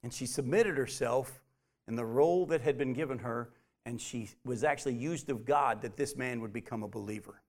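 A man preaching a sermon, shifting between loud emphatic high points and quiet low asides as he reads and explains scripture. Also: normal speed. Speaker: pastor.

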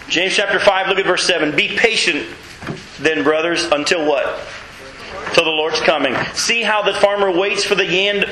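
In an echoey church hall with a faint hum of room ambience, a male pastor delivers a sermon. His voice is fairly high, bright and forceful as he fires questions at the congregation.

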